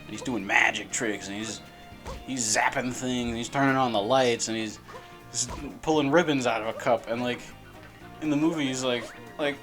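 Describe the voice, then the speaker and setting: Casual male gameplay commentator, mid pitch, rambly and giggly, loud game music underneath. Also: normal speed. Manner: rambling, laughing, repeats words. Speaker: gaming channel host.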